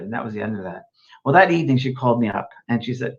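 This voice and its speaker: A man's voice: mid-range voice, expressive, quick pace. A middle-aged man hosting as a psychic medium, reading viewer comments aloud and affirming them in a chatty way before telling a story. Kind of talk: live stream reading comments. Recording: echoey, distant, dull sound.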